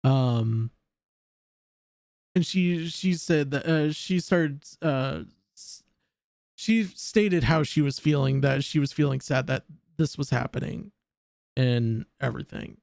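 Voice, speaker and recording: A man hosting a casual reaction stream, talking haltingly with many restarts. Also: medium pitch, gravelly, a little mellow, no room sound, studio quality. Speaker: streamer host.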